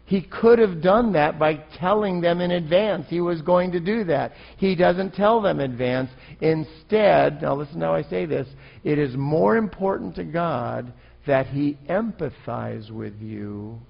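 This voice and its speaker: A man's voice: fairly high pitch, gravelly, lo-fi sound. A man preaching an impassioned, emphatic sermon as a pastor.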